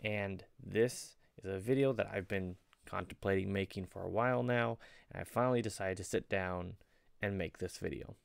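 In casual vlog commentary, a young man who makes photo editing videos chats to camera in a conversational, slightly rambling style full of fillers. His voice is low with vocal fry, delivered at a moderate pace. The sound is clean and studio quality, with no echo.

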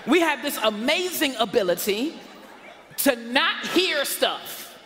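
A man preaching a lively sermon as pastor, shouting for emphasis and laughing along with his congregation. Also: extremely high pitch, takes it slowly, big-room sound. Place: church sanctuary. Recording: church sanctuary with congregation noise.

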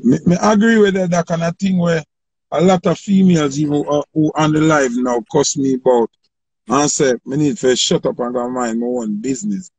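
A man with a Jamaican accent talking haltingly in a casual livestream chat. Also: on the high side, darkish tone, slight background noise, low-quality recording. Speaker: livestream co-host.

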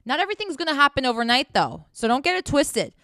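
A woman's voice: high voice, big pitch swings, fast, fairly bright tone, no echo, studio quality. A woman talking straight to the viewer in a candid motivational monologue, blunt, profane and sarcastic, scolding the listener directly. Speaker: host.

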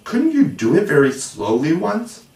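Man voicing an excitable, sensible storybook boy, high pitch; echoey room, set back from the mic. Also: moderate pace. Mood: eager. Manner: eager, excitable. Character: practical, eager young boy. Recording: roomy, distant mic.

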